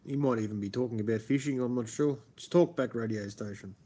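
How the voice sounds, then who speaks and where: Brisk and warm with a breathy edge, a mid-range male voice rambles casually as a stream host. His Australian accent is broad, he swears without holding back, and everyone gets called mate.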